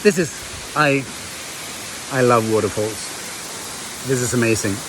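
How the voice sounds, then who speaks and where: A man chatting enthusiastically to his viewers in a casual travel vlog, filming on his phone outdoors by a waterfall. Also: mid-range voice. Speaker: travel vlogger. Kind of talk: casual vlog chat to camera. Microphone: handheld phone. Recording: loud outdoor water noise. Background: rushing waterfall water.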